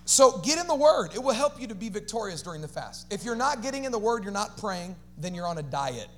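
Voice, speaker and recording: A pastor preaching an energetic sermon, calling on the congregation to repeat phrases and dropping casual slangy asides. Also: male voice, sits high, fairly quick, a little hiss or hum. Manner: animated preaching with call-and-response to the congregation.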